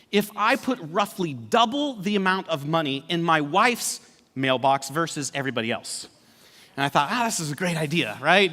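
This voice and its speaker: A pastor in his forties telling a humorous family story in a sermon, acting out the people in it with dry sarcasm. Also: on the high side. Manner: animated storyteller, acts out quoted family members, dry sarcasm. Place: church auditorium. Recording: long church hall reverb.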